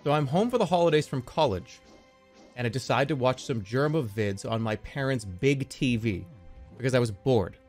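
A man streaming live, chatting casually and reading viewer stories aloud in an excitable, jokey way. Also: medium pitch, moderate pace. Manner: excitable, jokey, prone to laughing fits. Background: faint music.

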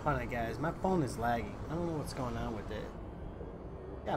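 A man's voice: mid-range voice, expressive, fairly quick, creaky, heavy background noise. A man live-streaming a game, chatting casually and talking straight to his viewers as he plays. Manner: chatty, talks straight to viewers, hypes them up. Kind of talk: casual gameplay commentary.

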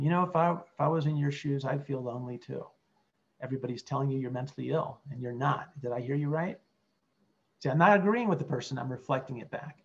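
A middle-aged man, a clinical psychologist, teaching a workshop in an earnest way and modelling calm, empathic replies. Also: medium pitch, creaky, muffled recording. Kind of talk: teaching workshop with role-play examples.

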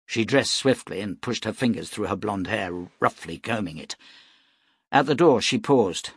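A man narrating an audiobook in a steady, even storytelling manner. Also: lowish voice, moderate pace, husky, dry recording, studio quality. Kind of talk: scripted narration.

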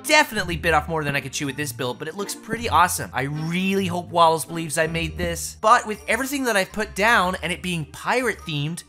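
Bubbly bright-voiced woman gaming host. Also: fairly low pitch, lively intonation, faint music behind. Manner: bubbly, gasping, quick exclamations. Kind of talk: excited Minecraft commentary.

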